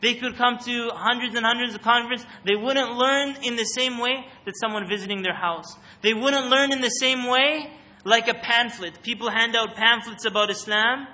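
Male speaker giving a religious talk on a mic, fairly high and very bright, quizzes the crowd. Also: moderate pace, hardly any pauses. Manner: questions the audience and calls on them. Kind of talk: interactive religious talk to an audience. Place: room with a live audience. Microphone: microphone.

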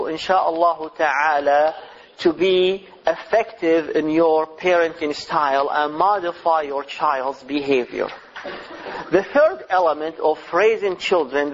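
A middle-aged man giving a religious lecture on parenting, speaking deliberately and asking his listeners rhetorical questions. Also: a little high. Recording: slightly dull lo-fi recording.

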